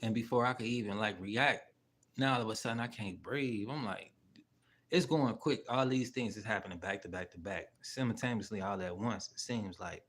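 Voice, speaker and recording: On his own channel, a man with a lowish, somewhat bright voice talks at a normal pace. His storytelling is loose and rambling, packed with slang, swearing, fillers and digressions.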